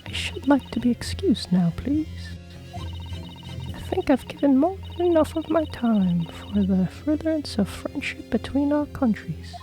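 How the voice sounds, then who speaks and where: A sneering, arrogant English noblewoman, put on by a woman for a fan voice-over of a game, lifting her voice a touch above a woman's usual and swooping it all over. Her lines come slow and drawn out, each one dripping with condescension, with faint music behind. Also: high-pitched, very animated, warm tone, voice pushed up, rough recording. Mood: haughty.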